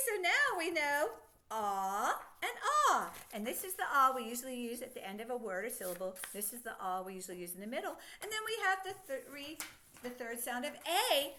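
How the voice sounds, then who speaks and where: A woman teaching a children's phonics lesson, sounding out letters slowly and praising the listener. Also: slight background noise. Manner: slow, sing-song teacher voice with stretched sounds and lively pitch.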